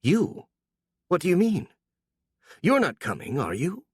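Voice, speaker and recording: Brief: storybook monster queen, smug and easily startled, voiced by a man, lifted pitch, dry studio sound. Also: sing-song, moderate pace, dry recording. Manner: smug, then easily surprised.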